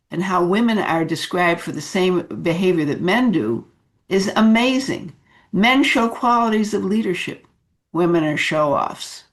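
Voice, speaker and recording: Woman, leadership coach, slow and animated delivery, some filler words. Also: lowish voice. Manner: unhurried, animated, many fillers. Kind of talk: coaching talk to camera.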